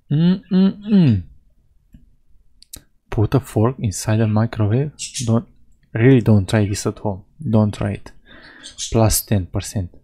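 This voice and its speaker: A man's voice: on the low side, mellow, slightly rough, low-quality recording. A man narrating a video game playthrough, reading the game's lines aloud in a playful way. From Europe. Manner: playful, reads in-game dialogue with mock voices. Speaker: gaming video host. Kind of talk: Let's Play commentary, reading game text aloud.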